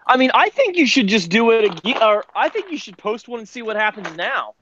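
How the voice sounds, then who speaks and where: A chatty guest teases and chats over a video call with a lively, animated delivery. The audio sounds dull and lo-fi. Clear noise sits behind the voice. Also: mid-range voice, a little fast. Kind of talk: casual chat on a video call.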